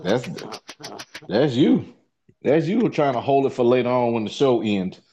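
Man co-host, teasing banter, lively pitch, dull lo-fi sound. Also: unhurried, background noise. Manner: teasing, laid-back banter. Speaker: podcast co-host. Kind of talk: casual chat.

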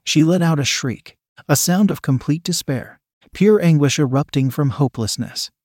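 A man reading a first-person story aloud in a calm, measured, coldly sly manner. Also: a little high, no echo, studio quality.

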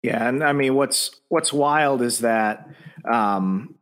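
A man's voice: mid-range voice, slow pace, a bit bright. A man co-hosting a podcast, casually recapping a comic with loose, profane storytelling. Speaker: podcast co-host. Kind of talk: casual comic book discussion.

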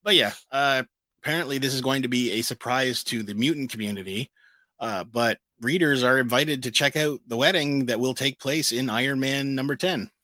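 A man co-hosting a casual pop-culture show, reading out news items in a relaxed, filler-heavy way. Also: medium pitch, moderate pace, dry recording. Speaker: co-host. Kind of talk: casual chat about comic and pop news.

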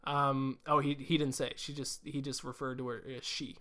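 A man hosting a casual solo podcast, rattling through his points at speed. He rambles and stops himself mid-sentence, filling the gaps with "um" and "uh," and his voice sits around the middle of the usual pitch range for a man. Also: level tone, fairly bright tone. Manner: fast, rambling, with many fillers and restarts. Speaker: podcast host.

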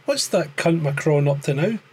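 A man's voice: on the high side, lively intonation, moderate pace, slightly rough. A Scottish man in casual podcast chat, blunt and sweary, with a joking edge. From Scotland. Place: living in France.

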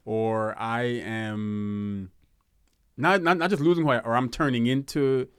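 A man's voice: mid-range voice, a little slow, clean tone, no room sound, studio quality. A man with a lisp hosting a casual group chat, laughing easily and repeating words as he searches for phrasing.

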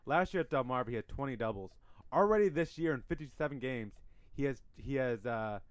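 A man's voice: medium pitch, animated, brisk, no room sound. A man co-hosting a casual sports podcast, talking through minor-league stats and often restarting his sentences. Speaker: podcast co-host.

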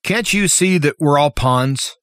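A man's voice: fairly high pitch, animated, measured pace, fairly bright tone, clear, resonant tone, no room sound, clean studio sound. Impassioned man ranting politics. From United States. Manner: impassioned, opinionated, full of rhetorical questions. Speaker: talk show host. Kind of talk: political commentary monologue.

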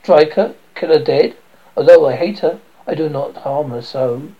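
A man's voice: fairly high pitch, lively intonation, a little slow, slightly rough, lo-fi sound, full character voice. Lysander: scornful young man, as a reader does him.

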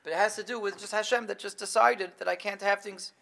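Teaching a Torah class, a middle-aged man is animated, questioning his students and acting out what the figures say. His voice is high, fast, and gravelly.

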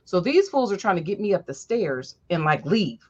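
A woman telling animated, profane stories from her youth in a casual chat. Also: lowish voice, normal speed, a crowd in the background. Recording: dull lo-fi audio.

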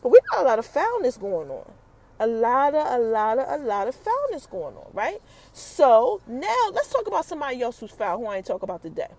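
With a slightly high, a little mellow voice whose pitch swoops wildly, a woman casually recaps a TV episode for her podcast. She addresses listeners directly and keeps tossing in asides.

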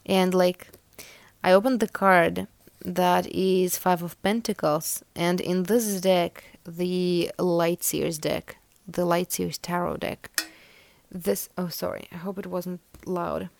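Young woman host, slow meandering chat, lots of fillers, low voice. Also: fairly even intonation, creaky. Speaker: podcast host. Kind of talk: casual chat and collective tarot reading.

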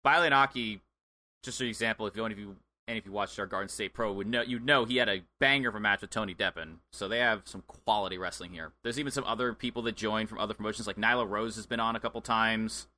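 A man's voice: fairly low pitch, fast, sharp tone. A man co-hosting a podcast, chatty and enthusiastic, with frequent hesitant fillers. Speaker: podcast co-host. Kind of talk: casual podcast chat.

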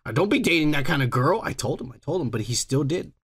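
A man's voice: on the high side, animated, fast, a bit bright, breathy edge. A man co-hosting a podcast in casual chat, crude and rambling, repeating "yeah, yeah, yeah". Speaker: podcast co-host.

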